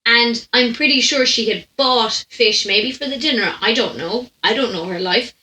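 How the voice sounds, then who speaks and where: Young irish woman storytime chat, laughy and animated, echoey room. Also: fairly high pitch, moderate pace. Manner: animated, laughs often, breaks off mid-sentence. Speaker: podcast host. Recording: roomy echo.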